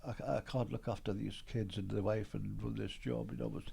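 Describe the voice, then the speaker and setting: An older man with a Geordie accent, a guest on an interview show, telling his story in a lively way and acting out old conversations. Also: fairly low pitch, brisk, vocal fry, a little hiss or hum. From Newcastle, England.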